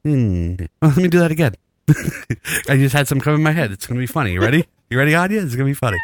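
A raspy man hosting a podcast, rambling and self-mocking as he signs off the episode with frequent laughs. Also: medium pitch, very animated, fast talker, a little hiss or hum. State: raspy, rattling chest from illness. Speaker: podcast host. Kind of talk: casual podcast sign-off chat.

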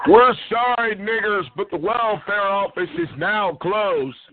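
A man's voice: high voice, a little slow, narrow, tinny audio. A man making a taunting, provocative prank call on a phone chat line. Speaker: caller.

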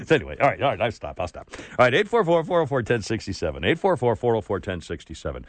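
A man's voice: mid-range voice, sing-song, rapid-fire, no room sound. A man hosting a talk radio show, chatting casually and rambling with asides and restarts. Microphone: studio microphone.

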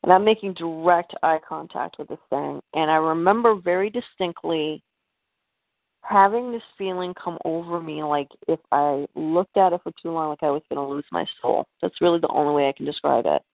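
A woman's voice: low-pitched, moderate pace, gravelly, no echo. A woman as a podcast guest, telling a personal story in a hesitant way, full of fillers and restarts. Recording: tinny phone-like line.

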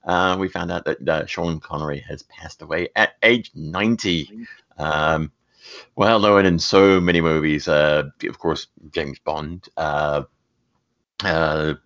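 Deep gravelly man with a lively voice. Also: slow. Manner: laughs often between lines. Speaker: podcast co-host. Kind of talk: casual chat reading news. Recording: dull lo-fi sound.

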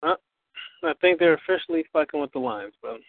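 A man with a somewhat high voice chimes in as co-host on a call-in show, laid-back and blunt. The sound is thin and phone-like, with a dry feel. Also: a little fast, no room sound. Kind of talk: casual live call-in chat.

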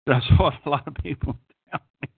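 A man's voice: fairly high pitch, a little fast, creaky, slightly rough, no room sound. A middle-aged man with an Okie accent hosting a casual call-in chat, crude, profane and rambling. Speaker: call-in show host. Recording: tinny phone-like call line.

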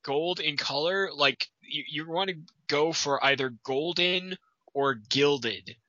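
A man's voice: fairly high pitch, takes it slowly, sharp tone, dry recording, lo-fi sound. A man co-hosting a comedic fan-story reading, riffing on the text in a sarcastic, incredulous way.

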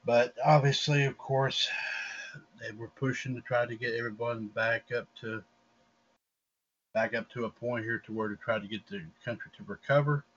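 A man's voice: mid-range voice, steady tone, normal speed, fairly bright tone. A man co-hosting a podcast in a formal, announcer-like manner, repeating stock phrases often. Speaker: podcast co-host. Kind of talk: formal on-air commentary. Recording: dull lo-fi sound with faint background noise.

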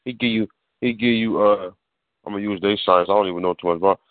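A man's voice: lowish voice, fast talker, no echo. A man talking on a radio show in a blunt, emphatic way, swearing freely. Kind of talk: casual radio talk. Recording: dry tinny phone line.

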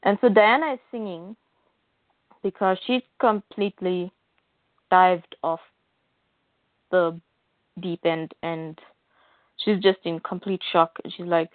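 A woman's voice: on the low side, steady tone, slow pace, long pauses, no echo. A woman hosting a podcast who loosely and chattily recaps a comic book. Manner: chatty, loosely retelling with fillers. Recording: phone-like dry audio.

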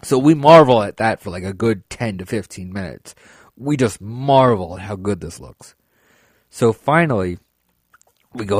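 Male podcast host with a lowish voice, dry close-mic sound; rambling, profane, excitable storyteller. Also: a little slow, husky, dry recording. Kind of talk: casual storytelling.

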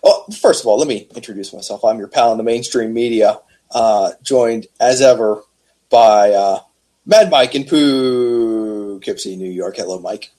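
A man's voice: on the low side, moderate pace, dark tone, poor audio. A man co-hosting a wrestling podcast in a joking, easygoing chat. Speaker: podcast co-host.

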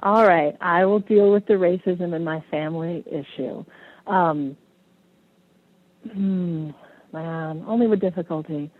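A woman's voice: on the low side, a little slow, phone-quality sound. A woman in her forties, a guest on a call-in radio show, answering callers hesitantly and laughing between phrases.

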